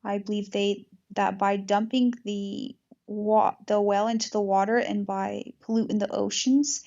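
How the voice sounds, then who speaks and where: Woman host, low-key gravelly voice, even delivery, earnest chat on dull lo-fi audio. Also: unhurried. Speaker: podcast host. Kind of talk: casual spiritual conversation.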